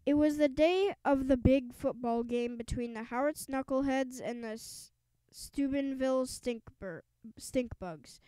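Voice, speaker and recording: A woman reads a children's book aloud with an emphatic storytelling lilt, tripping over a word now and then. Her voice sits high and sounds smooth and clear. The recording is dry and close, with no room around it. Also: unhurried, warm tone, no room sound, rough recording. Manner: stumbles and restarts words while reading. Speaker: audiobook reader.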